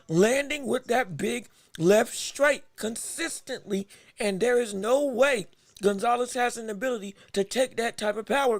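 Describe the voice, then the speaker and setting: A man calling a fight blow by blow on his own livestream, excited and repetitive, restarting his phrases, with the hiccups and eating as he talks. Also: very high voice, dry recording, studio quality. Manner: repeats himself, restarts phrases, eats and talks at once. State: has the hiccups. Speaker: podcast host giving live fight commentary.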